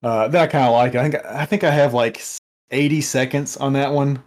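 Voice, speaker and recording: A man's voice: medium pitch, fairly even intonation, a little mellow. A man co-hosting a podcast, telling rambling stories in casual chat with lots of restarts. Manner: rambling, halting storyteller. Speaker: podcast co-host.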